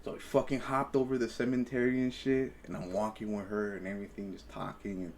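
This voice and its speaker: A man's voice: fairly low pitch, level tone, brisk, creaky, a little mellow, a little hiss or hum. A young man hosting a podcast, telling stories in casual chat, profane and rambling with lots of stammered restarts. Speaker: podcast host.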